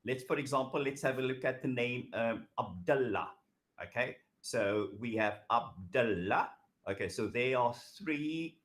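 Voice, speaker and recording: A male teacher giving a recorded grammar lesson, unhurried and steady, with a voice of middling pitch. He leans on "okay" between points and says each example word several times over. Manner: patient, repeats words slowly, frequent "okay". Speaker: English teacher.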